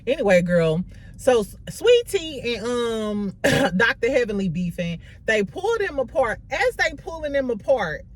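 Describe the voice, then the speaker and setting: A woman's voice: fairly high pitch, unhurried. A woman recapping a reality show in a casual, gossipy way, swearing freely and laughing as she tells it. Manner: gossipy, profane, animated storytelling with laughs.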